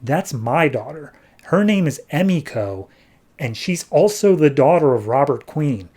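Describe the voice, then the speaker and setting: A startled middle-aged woman, halting and stumbling over her words, as a man reads her in his own mellow voice. The voice lifts only a little above his usual one. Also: on the high side, animated. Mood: hesitant. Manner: hesitant, halting.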